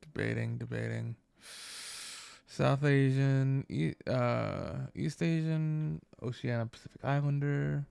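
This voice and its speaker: A man streaming a game live, chatting casually and thinking aloud with many halting restarts. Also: mid-range voice, creaky, a little mellow, smooth, dry recording.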